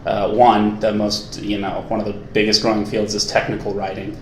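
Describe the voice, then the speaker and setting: Young man, lowish voice, dry jokes, halting, echoey room, faint hiss. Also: completely flat delivery. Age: young adult. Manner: dry joking, halting restarts. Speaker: podcast co-host. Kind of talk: casual chat. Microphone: cheap USB mic.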